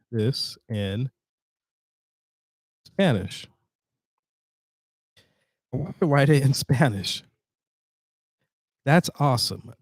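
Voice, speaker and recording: A man hosts a casual screen-share tutorial, sounding tired as he chats in a halting way full of fillers and restarts. His voice is medium-pitched and a little mellow, and the studio sound is clean with no echo.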